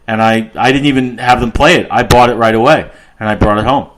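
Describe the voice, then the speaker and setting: A man's voice: medium pitch, steady tone, fairly quick, a little hiss or hum, poor audio. A middle-aged man co-hosting a music podcast, telling rambling stories with restarts and an easy laugh. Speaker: podcast co-host. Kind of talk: casual music podcast chat.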